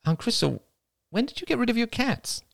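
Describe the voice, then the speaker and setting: A worried young niece, voiced by a male audiobook narrator, who speaks in an uneasy, hesitant way. Her voice sits raised and a little hushed, in a close, dry recording. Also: very high voice, big pitch swings, brisk, creaky, dry recording, pitched above the performer's own voice, full character voice.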